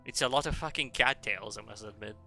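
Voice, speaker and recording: A man from Russia with a mixed Russian, French and English accent, chatting playfully while streaming a game, rambling with bursts of excitement. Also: lowish voice, a little fast, creaky, faint music behind. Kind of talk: casual gameplay commentary.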